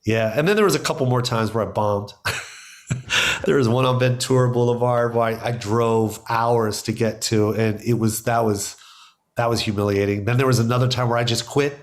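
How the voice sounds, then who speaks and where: A man telling stories in a casual interview, acting out what people said to him. He laughs between lines and jumps into high, excited bursts of voice, always at an everyday pitch. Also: moderate pace. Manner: excited storyteller, acts out quotes, laughs often. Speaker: guest, stand-up comedian. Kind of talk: animated storytelling in casual chat.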